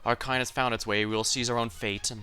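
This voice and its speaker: A man's voice: medium pitch, level tone, fairly quick, sharp tone, faint music behind, close to an everyday voice. A man doing a cold, chanting sea creature. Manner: clipped, chant-like declarations.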